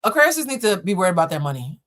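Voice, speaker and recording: A woman's voice: medium pitch, very animated, rapid-fire, a bit bright. A woman hosting a live-stream tarot reading on a laptop setup, talking casually with viewers, laughing and joking and swearing freely. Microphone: laptop or camera setup.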